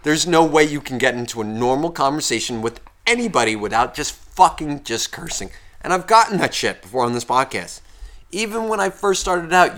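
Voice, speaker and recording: A man co-hosting a casual podcast, swearing constantly and acting out his phone calls in loud rants. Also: fairly high pitch, lively intonation, brisk. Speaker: podcast co-host.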